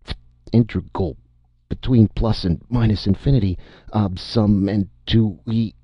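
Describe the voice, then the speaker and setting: A man's voice: rumbling low, sing-song, moderate pace, vocal fry, breathy edge, no echo, dull audio, full character voice. A man reading as a pompous tipsy robot. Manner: pedantic, slurring after the jolt.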